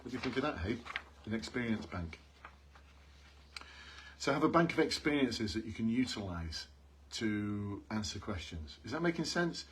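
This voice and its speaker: A man's voice: mid-range voice, animated, brisk, hardly any pauses, a bit bright, a little hiss or hum. A man coaching police job applicants on a live stream, earnest and repetitive, calling out to his viewers. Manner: earnest, repeats key points, calls out to viewers.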